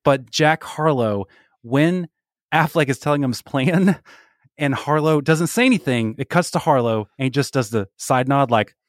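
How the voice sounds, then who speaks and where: A man's voice: mid-range voice, moderate pace, dry recording, studio quality. A man co-hosting a casual podcast, leading the segments and bantering playfully with his co-host.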